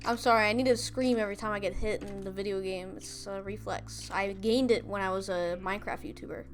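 A woman's voice: mid-range voice, fairly even intonation, brisk, slight background noise. A woman playing a video game while chatting, with goofy, self-mocking banter. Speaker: gamer in voice chat. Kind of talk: casual gaming chat.

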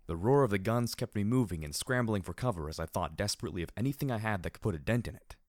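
Man narrating an audiobook, low and dry. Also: lively intonation, quick pace, no room sound. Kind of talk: first-person audiobook narration.

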